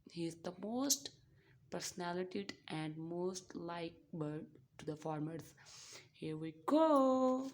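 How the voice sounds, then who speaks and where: A woman's voice: lowish voice, a little mellow. A woman hosting a toy unboxing for children, explaining farm animals in simple, broken English and imitating their sounds.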